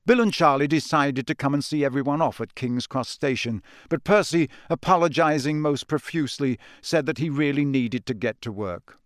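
A man's voice: mid-range voice, expressive, normal speed, few pauses, no room sound. Man narrating a storybook, dry close sound. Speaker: audiobook narrator. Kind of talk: scripted narration.

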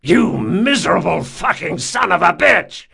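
A man voicing a big, strong, loyal male thief who speaks in a measured, firm way in an audiobook. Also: lowish voice, sing-song, vocal fry, exaggerated voice. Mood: furious anguished. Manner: measured and firm, bursting into roars. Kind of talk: audiobook character voice.

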